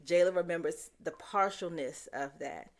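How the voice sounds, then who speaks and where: A woman's voice: lowish voice, normal speed. A woman in her thirties co-hosting a podcast, speaking thoughtfully in casual chat with ums. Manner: reflective, thinks aloud with ums. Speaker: podcast co-host.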